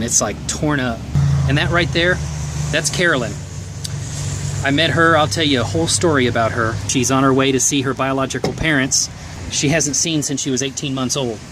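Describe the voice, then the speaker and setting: A man's voice: medium pitch, background noise. A middle-aged man from Tennessee with a Southern accent, telling a road-trip story in a loose, profane vlog, laughing at his own jokes. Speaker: vlogger. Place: in and around his truck at night, on the road.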